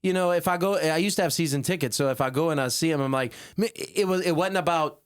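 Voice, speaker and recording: A podcast host and DJ with a fairly high, smooth voice talks fast in a casual chat, acting out his friends' voices as he tells animated stories. The recording is dry and studio quality.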